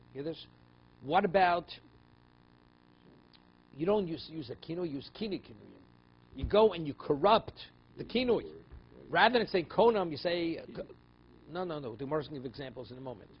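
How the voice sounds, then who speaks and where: A man's voice: on the high side, animated, normal speed, pauses often, lo-fi sound, slight background noise. A man, a rabbi, teaching a daily Talmud class, explaining in English mixed with Hebrew and Aramaic terms and checking in with "right?" and "okay?". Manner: rhetorical questions, frequent "right?" and "okay?".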